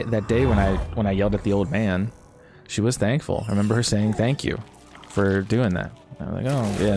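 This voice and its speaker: A man's voice: on the low side, a little mellow, a little hiss or hum. A man streaming a video game, telling a long personal story in a rambling, casual way, swearing and laughing at himself. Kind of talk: casual storytelling while gaming. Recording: faint game music behind.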